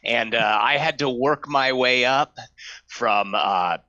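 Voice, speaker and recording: A man's voice: medium pitch, takes it slowly, pushed and bright, dry recording, lo-fi sound. A man playing a veteran worker at a wand shop, rambling and lecturing a newcomer in an improvised comedy scene over a video call. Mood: weary lecturing. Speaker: improv performer.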